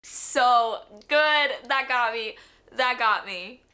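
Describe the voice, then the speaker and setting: A woman's voice: a little high, extremely slow, pushed and bright. A young woman chatting casually on her book vlog, bubbly and full of "like" fillers. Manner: chatty, bubbly, heavy use of "like". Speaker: book vlogger.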